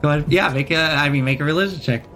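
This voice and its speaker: A man's voice: on the high side, very fast, bright, forceful tone, soft background music. Man game master, hesitant narration. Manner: hesitant, explaining with many fillers.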